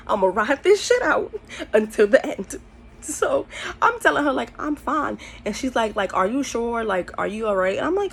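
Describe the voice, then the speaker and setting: A young woman tells a story to her camera, slangy and animated, laughing and swearing as she goes. Her voice jumps well up in pitch whenever she acts out her own panic. Faint noise sits behind her. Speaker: vlogger. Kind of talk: storytime vlog.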